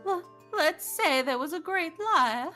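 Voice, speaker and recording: A woman playing a cagey older man who answers with riddles and jabs. The voice stays bright and high. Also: measured pace, soft background music. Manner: evasive, needling. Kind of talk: reading game dialogue aloud.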